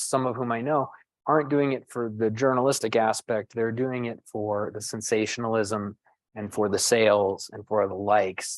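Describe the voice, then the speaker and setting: A middle-aged man speaks at a panel discussion in a thoughtful, self-deprecating way, often restarting his phrases. His voice sits at an ordinary male pitch. The recording is close and dry. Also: dry recording, low-quality recording. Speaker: physician and storm chaser.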